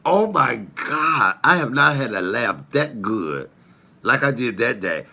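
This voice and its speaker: Animated laughing man with gravelly voice. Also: medium pitch, unhurried. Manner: animated, laughing, rambling anecdotes. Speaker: live stream host. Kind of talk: casual storytelling on a live stream. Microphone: phone.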